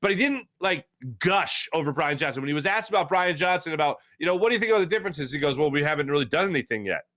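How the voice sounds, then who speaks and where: A man's voice: on the high side, animated, quick pace, hardly any pauses, a bit bright, dry recording, clean studio sound. A man hosting a sports talk show, rambling casually and animatedly with lots of fillers and restarts. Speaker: sports radio host.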